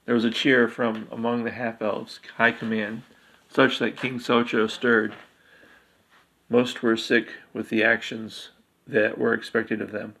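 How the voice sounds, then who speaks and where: A man reading a dark fantasy story aloud, steady, with occasional slips he corrects. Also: medium pitch, measured pace. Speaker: narrator.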